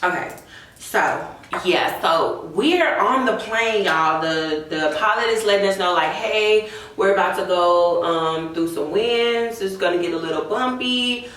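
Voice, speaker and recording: A young woman tells a story in animated, chatty talk, saying "y'all" a lot while she does her makeup. Her voice sits a little low. It sounds distant and bounces around an echoey room. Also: measured pace. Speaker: beauty vlogger. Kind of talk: casual storytime chat while doing makeup.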